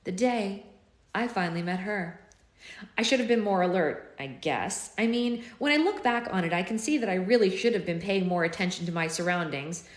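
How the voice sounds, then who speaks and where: A woman's voice: lowish voice, lively intonation, normal speed. Book club host, woman, reads aloud with playful tangents, roomy sound. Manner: chatty, playful, goes off on tangents. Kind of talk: live read-aloud with casual asides. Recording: roomy echo.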